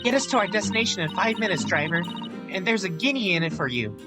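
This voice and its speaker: Guy doing a polite young woman voice, higher and bouncy, very formal. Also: sing-song, fast talker, loud music behind the voice. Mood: earnest. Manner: courteous, eager, formal. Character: polite, earnest young Japanese woman assistant.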